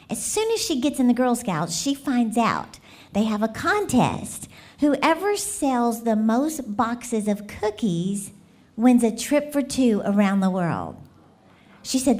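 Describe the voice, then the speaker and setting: A woman gives a church message, and her voice sits a little high. She tells stories with animated energy, breaks into laughter and puts questions to the congregation. She speaks as a guest preacher at the front of a church. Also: takes it slowly. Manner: lively, laughing, animated storyteller who asks the crowd questions.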